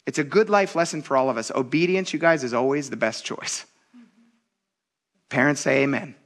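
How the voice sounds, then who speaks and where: A man's voice: medium pitch, moderate pace, a bit bright. A man in his thirties preaching a sermon, talking conversationally and with animation, addressing the congregation directly as "you guys.". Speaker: pastor.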